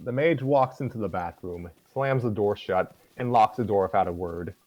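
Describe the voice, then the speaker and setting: Man, fairly low voice, relaxed chatty narration, fan story reading. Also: moderate pace, muffled recording. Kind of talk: casual fan fiction narration.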